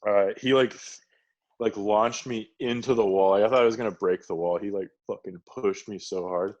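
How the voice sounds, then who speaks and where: A man's voice: on the low side, steady tone, moderate pace, a little mellow, highs cut off. A young man co-hosting a podcast, telling a rambling, profane story in casual chat and laughing often as he goes. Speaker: podcast co-host.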